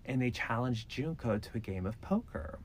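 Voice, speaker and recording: A man with a mid-pitched voice talks through a true-crime case in a relaxed, conversational way. He leans on filler words like "like" and "so" as he strings events together. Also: normal speed, slight background noise. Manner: loose, filler-heavy retelling with "like" and "so". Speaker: podcast host. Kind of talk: casual true-crime storytelling.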